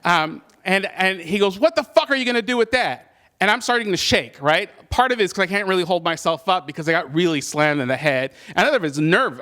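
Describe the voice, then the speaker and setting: A man's voice: on the high side, sharp tone. A man telling a personal story live, conversational and self-deprecating, with many fillers. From California.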